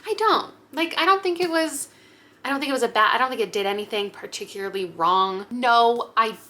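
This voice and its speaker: A woman's voice: on the high side, fairly quick, sharp tone. A young woman talking casually to camera as a book vlogger, frank and chatty, with light laughs and fillers.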